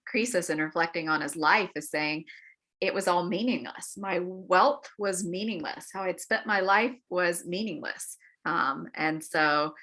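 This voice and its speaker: In a church meeting room, a woman leads an adult-forum Bible lesson, telling a story in a chatty way full of fillers and acted-out quotes. Her voice is low, creaky, and bright, with a forceful tone.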